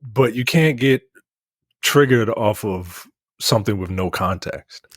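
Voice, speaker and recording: A man's voice: fairly low pitch, measured pace, no room sound. A man co-hosting a casual film podcast, talking loosely and rambling, recorded close and dry. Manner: loose and rambling, with many restarts. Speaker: podcast co-host.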